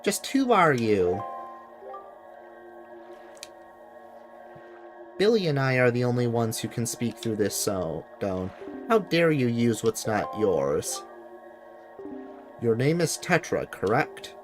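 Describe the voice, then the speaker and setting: A man reading game dialogue as a solemn ancient king who speaks through a talking boat, in a grave, measured way. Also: medium pitch, big pitch swings, faint music behind, voice pushed up. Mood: commanding.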